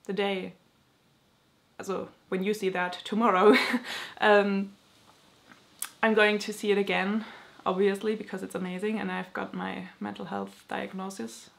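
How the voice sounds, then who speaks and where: Creaky-voiced young woman rambling excitedly. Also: mid-range voice, unhurried. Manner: rambling, excitable, full of filler words. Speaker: book vlogger. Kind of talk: casual chat.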